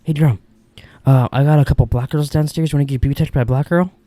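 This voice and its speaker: A man's voice: on the high side, steady tone, very fast, dark tone, dry recording, pitched above the performer's own voice, natural voice. A man putting on the voice of his crude young male roommate, who pushes an eager late-night offer. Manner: pushy, eager, coaxing.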